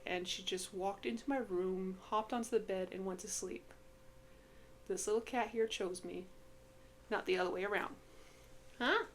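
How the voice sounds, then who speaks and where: A woman's voice: medium pitch, slight background noise. A woman chatting casually in a home vlog about her pets, chatty and affectionate, slipping into baby talk with her cat. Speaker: pet vlogger. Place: home, indoors.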